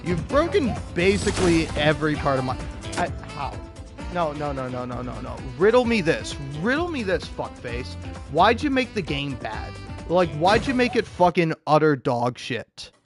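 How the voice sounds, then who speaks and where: A man with a hoarse voice ranting heatedly about a video game, swearing constantly. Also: on the high side, big pitch swings, moderate pace, music in the background. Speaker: gaming YouTuber. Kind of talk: angry gameplay rant.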